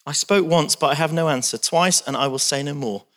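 Guy preaching a sermon, slightly high voice, acts out the bible verses with lots of punch. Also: a little fast. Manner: lively, reads scripture aloud with dramatic emphasis.

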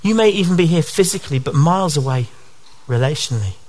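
A male preacher delivers a sermon with earnest conviction. His voice sits slightly above the usual male pitch, and he keeps drawing the listeners in with rhetorical questions. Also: lively intonation, fast talker, darkish tone.

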